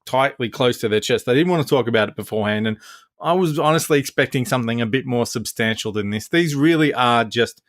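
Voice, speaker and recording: An Australian man co-hosts a tech podcast in a relaxed, chatty way, tossing out questions and laughing along. His voice sits in a plain mid range. The sound is dry and close. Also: mid-range voice, fast talker, no echo. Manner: easygoing, asks questions, laughs easily. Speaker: podcast co-host. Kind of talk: casual podcast chat.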